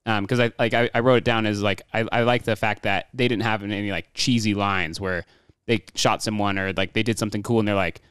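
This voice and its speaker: A man with a lowish, smooth, clear voice talks through a war film in a loose, rambling way. He circles back on himself with fillers and false starts. The sound is dry and close. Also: steady tone, fairly quick, a bit bright, no echo. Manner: rambling, many fillers and restarts. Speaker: podcast co-host. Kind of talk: casual movie discussion.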